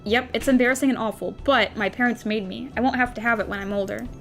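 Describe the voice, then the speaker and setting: A woman's voice: fairly high pitch, fairly even intonation, fast, a bit bright, soft background music. A woman reading the lines of a rude, mocking young boy bully in a dating game.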